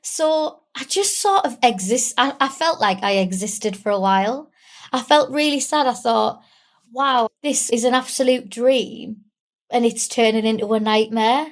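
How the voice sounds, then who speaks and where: A young woman from England, tearful, talking candidly and haltingly with small giggles in an interview. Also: fairly high pitch. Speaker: guest. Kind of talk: emotional interview.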